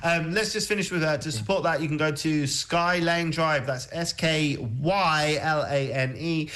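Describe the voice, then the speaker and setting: A man's voice: on the high side, measured pace, sharp tone. A man hosting a casual music livestream, joking, laughing and chatting loosely with his co-host. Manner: jokey, laughing, self-deprecating. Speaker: radio show host.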